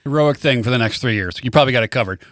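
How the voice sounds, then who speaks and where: A man co-hosting a casual comedic podcast in a studio, riffing quickly on his partner's jokes. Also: mid-range voice, fairly bright tone, dry recording. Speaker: podcast co-host.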